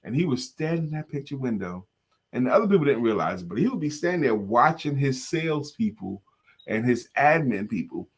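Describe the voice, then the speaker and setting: A man's voice: mid-range voice, very animated, a little fast, husky. A man co-hosting a casual morning show, chatting and breaking into short sung jingles for viewers. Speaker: co-host.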